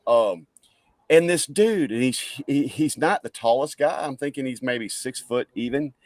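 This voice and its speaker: A man's voice: mid-range voice, no echo. A man co-hosting a casual podcast, telling a story in a loose, profane way. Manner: laid-back, profane, laughs often. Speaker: podcast co-host.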